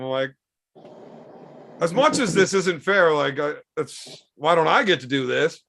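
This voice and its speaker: Gravelly man telling stories. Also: a little high, a little slow. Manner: animated, acts out quoted voices. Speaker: podcast storyteller. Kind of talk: casual profane storytelling.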